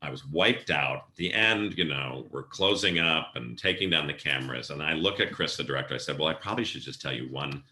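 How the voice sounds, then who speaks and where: Middle-aged male guest, low bright voice, lively storyteller, roomy echo. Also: fairly quick, few pauses. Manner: animated storyteller acting out quoted voices. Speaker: podcast guest, event planner. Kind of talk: casual storytelling interview.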